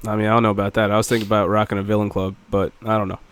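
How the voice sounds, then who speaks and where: A man's voice: fairly low pitch, flat delivery, rapid-fire, clear, resonant tone, no room sound. A man co-hosting a podcast, chatting casually and laughing often as he talks. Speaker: podcast co-host. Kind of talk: casual chat.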